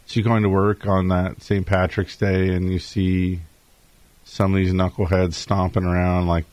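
A man's voice: low voice, monotone, moderate pace, a little mellow, dry recording. A man hosting a talk show in casual chat, a jokey storyteller who chuckles often. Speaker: show host.

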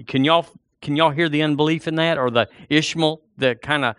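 A man preaching, telling homely stories and slipping into the voices of his characters. His voice sits a little high for a man. The sound is dry and close, with no room echo. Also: brisk, hardly any pauses, fairly bright tone, smooth. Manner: folksy storytelling preacher, acts out voices. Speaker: pastor. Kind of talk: sermon.

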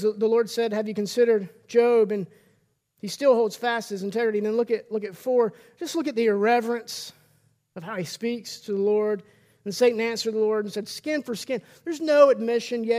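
A man's voice: extremely high pitch, darkish tone. A middle-aged man preaching a sermon as pastor, emphatic, with stammered restarts and quoted voices acted out.

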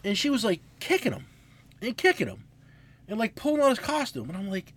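A man in his forties co-hosting a casual podcast, telling loud, profane stories. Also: high-pitched, huge pitch swings, brisk. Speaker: podcast co-host, mechanic.

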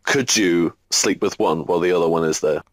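Low-voiced, crude joking man. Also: brisk, no room sound. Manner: crude, swearing, joking banter. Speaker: podcast co-host. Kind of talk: casual podcast chat.

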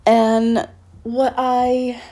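Woman podcast host, solo casual monologue, mellow tone, blunt and profane, drifts between topics. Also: fairly high pitch, monotone, drawn-out words. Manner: candid and blunt, swears freely, drifts off on tangents.

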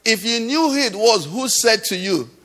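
A middle-aged man, a pastor, preaches with an animated, highish, slightly bright voice at a moderate pace. He tells everyday stories to make his point and draws the congregation into call-and-response. It's recorded in a church hall with long reverb.

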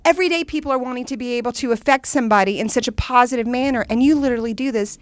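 A woman's voice: fairly high pitch, very fast, dry recording. A woman guest comedian telling a story in casual podcast chat, acting out the voices of the people in it.

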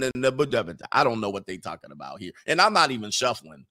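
A man in his forties hosting a casual commentary stream, joking and animated, often trailing off while searching for a word. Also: medium pitch, fast, few pauses. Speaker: host reacting to clips and super chats.

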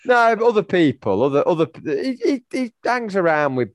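A man's voice: high voice, big pitch swings, moderate pace, no room sound, studio quality. A man co-hosting a podcast, wry and joking, often stammering over his words. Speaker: podcast co-host. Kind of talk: casual chat.

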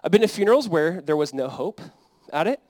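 A man's voice: fairly high pitch, animated, brisk, a little mellow, no echo. A young adult man, a pastor, preaching a sermon in an earnest, conversational way that builds to emphatic peaks.

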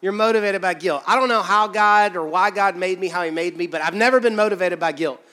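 High-voiced man preaching in an echoey hall. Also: a little fast, pushed and bright. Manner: conversational preaching with humor and quoted voices. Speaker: pastor. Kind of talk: sermon.

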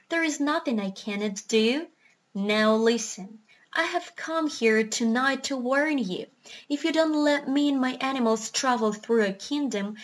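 A woman's voice: a little high, lightly acted. A woman voicing a clever, self-assured female parrot in a storybook reading. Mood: commanding.

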